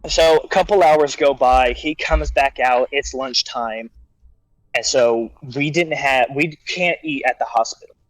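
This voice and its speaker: A man's voice: mid-range voice, measured pace, dry recording, rough recording. A man telling a long personal story in casual talk, acting out quotes, with many restarts. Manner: rambling anecdote with acted-out quotes and restarts. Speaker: guest storyteller.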